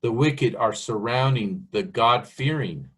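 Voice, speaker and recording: A man preaching a Bible sermon in a slow, earnest way, often asking the listener questions. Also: mid-range voice, lively intonation, husky.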